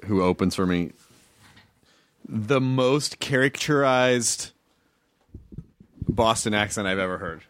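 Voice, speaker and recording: A man hosting a podcast in casual chat, chatty and quick to laugh. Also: lowish voice, a bit bright, a little hiss or hum. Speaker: podcast host.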